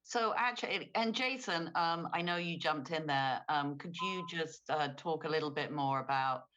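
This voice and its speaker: A woman's voice: sits low, normal speed, a bit bright, muffled recording, slight background noise. A woman moderating a convention panel, asking loosely worded questions with frequent "um"s.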